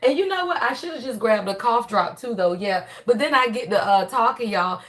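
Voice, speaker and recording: A woman's voice: a little high, fairly quick. Chatty woman with a tired, strained voice. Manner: chatty, animated, laughs often, talks straight to viewers. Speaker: spiritual reader and channel host. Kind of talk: casual livestream chat with viewers.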